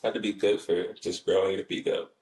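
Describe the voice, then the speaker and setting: A man hosting an interview, laid-back and quick to laugh, with short reactions. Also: low-pitched, fairly even intonation, darkish tone, far from the mic. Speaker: podcast host. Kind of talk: casual interview chat. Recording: roomy sound.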